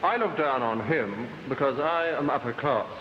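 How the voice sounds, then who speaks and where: A man's voice: medium pitch, normal speed, slight background noise. A man performing in an archive comedy sketch, pompous and declamatory. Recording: dull, echoey old studio recording.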